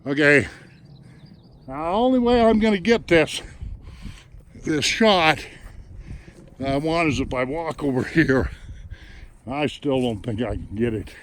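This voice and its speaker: A man's voice: fairly high pitch, lively intonation, unhurried, long pauses, fairly bright tone, a little hiss or hum. Folksy man narrating a mountain hike. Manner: folksy, plain-spoken, chatty. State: somewhat out of breath. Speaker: hiking vlogger. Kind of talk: casual narration while hiking. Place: outdoors on a mountain trail.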